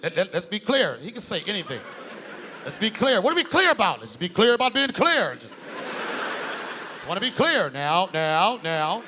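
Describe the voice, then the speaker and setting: A male comedian doing an impression of a calm, measured politician who stalls and repeats himself. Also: high voice. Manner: slow halting repeats, deliberate. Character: Barack Obama impression, calm measured stuttering man. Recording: live theater crowd and noise.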